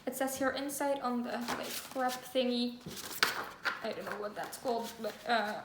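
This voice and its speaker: Young female book vlogger, gushy and giggly, high voice, roomy echo. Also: moderate pace, very noisy. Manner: gushing, giggly, full of fillers. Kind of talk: casual book haul chat with read-aloud synopses. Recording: echoey room, faint ambience.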